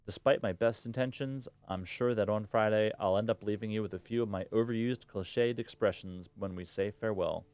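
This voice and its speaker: Man voicing a cheery, fond middle-aged dad, low-pitched and smooth, reading his letter aloud. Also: fairly quick, hardly any pauses, darkish tone, close to an everyday voice. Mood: fatherly.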